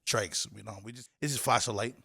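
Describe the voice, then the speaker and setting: A man from Hawaii co-hosting a podcast, chatting casually in a relaxed, rambling way. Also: on the low side, a little fast, gravelly, slightly rough. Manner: relaxed, laughing, rambling asides. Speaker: podcast co-host. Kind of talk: casual chat.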